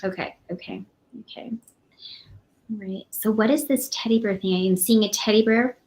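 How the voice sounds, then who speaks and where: A woman giving a live psychic reading, talking in a halting, emotional way with many pauses and restarts. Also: medium pitch, a little mellow. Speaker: psychic reader.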